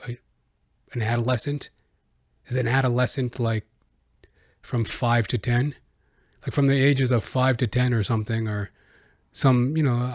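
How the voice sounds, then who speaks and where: A man's voice: mid-range voice, no echo. Guy talking on his own podcast, easygoing and rambly, chuckles a bit, dry close sound, mid voice. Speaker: podcast host. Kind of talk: casual personal monologue.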